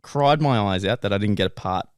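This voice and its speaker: A man's voice: fairly low pitch, a little fast, no room sound, studio quality. A young man, co-hosting a podcast in casual chat and often laughing as he tells stories. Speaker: podcast co-host.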